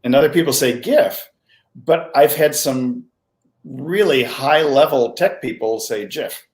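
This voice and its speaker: A man's voice: medium pitch, measured pace, a little mellow, roomy sound. A man co-hosting a casual live-stream chat, chatty and joking, asking many questions. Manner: chatty, asks questions, jokes. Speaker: co-host, doctor.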